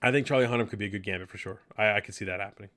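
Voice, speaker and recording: A man's voice: on the low side, very fast, pushed and bright. A man hosting a casual live podcast, chatty and enthusiastic, rambling with fillers. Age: adult. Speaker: podcast host.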